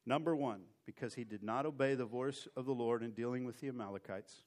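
A man's voice: medium pitch, a little fast. A man preaching a sermon in church, folksy and conversational, often repeating words as he goes. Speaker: pastor.

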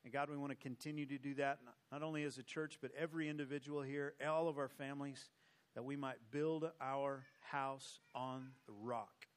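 A man's voice: medium pitch, steady tone, normal speed, smooth. A male pastor closing his sermon with emphatic, repetitive exhortation, then leading his church in prayer. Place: church sanctuary.

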